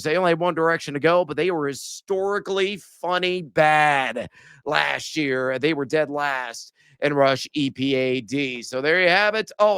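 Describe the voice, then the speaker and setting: High-voiced, energetic man, crisp and bright. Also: dry recording. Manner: energetic, jokey, bursts into shouts. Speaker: podcast co-host. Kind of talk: sports betting podcast chat.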